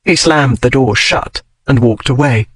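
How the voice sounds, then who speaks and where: A man's voice: medium pitch, a little slow, husky, no echo. Man narrating a historical romance. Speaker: audiobook narrator. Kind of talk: scripted narration.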